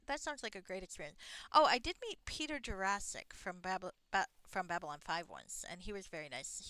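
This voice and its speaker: A woman streamer chats casually while playing, rambling from one thought to the next and swearing freely. Her voice is animated and lively, with plenty of laughter mixed in. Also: lowish voice, dry recording. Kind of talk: casual gameplay chat.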